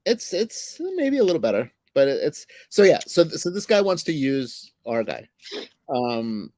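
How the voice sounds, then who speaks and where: A man's voice: mid-range voice, sing-song, unhurried, darkish tone, no room sound. A man in a loose, rambling chat who breaks into laughter mid-story. His voice sits in a middle range and is picked up close on a dry, deadened mic. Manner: rambling, laughs while telling jokes. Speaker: comic book editor and writer. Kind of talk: casual chat.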